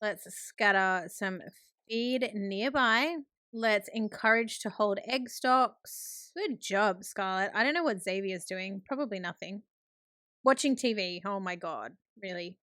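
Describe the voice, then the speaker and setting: A woman's voice: mid-range voice, unhurried, pushed and bright, no room sound, studio quality. A woman hosting a gaming channel, giving chatty, upbeat running commentary on her play. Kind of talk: let's play narration.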